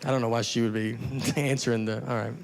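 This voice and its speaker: A man telling a stand-up story on stage, deadpan and understated, with rambling asides. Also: mid-range voice, fast talker. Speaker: stand-up comedian. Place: comedy stage before a live audience. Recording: live audience murmur and faint noise. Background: audience laughter.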